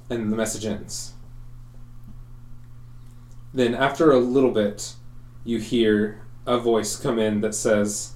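A man narrating a tabletop game as game master, relaxed and halting with frequent fillers. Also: lowish voice. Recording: roomy echo.

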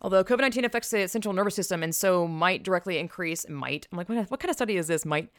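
A young podcast host chats into her headset mic, her voice on the low side and fast. Her talk is casual, unfiltered and profane, meandering through tangents. The recording is dry and studio quality.

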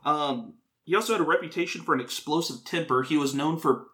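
A man's voice: on the high side, a little fast, a bit bright. A man hosting a casual podcast, telling a history story in a rambling, joking way and often correcting himself.

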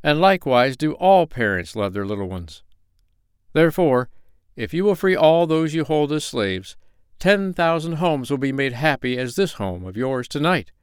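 A man's voice: fairly high pitch, big pitch swings, normal speed, clean tone, no room sound, studio quality, voice pushed up. A man reading the part of a humble, brave peasant father mourning his lost child. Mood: earnest.

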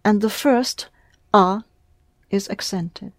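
A woman giving a one-to-one language lesson, patiently modelling words and repeating them slowly for her students. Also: mid-range voice, no room sound, clean studio sound. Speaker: language teacher.

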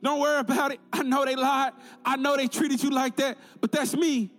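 A man's voice: very high voice, flat delivery, normal speed, a bit bright, long reverb tail, soft background music, pitched above the performer's own voice. A man doing a breezy, reassuring God. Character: God speaking casually, male, reassuring and easygoing.

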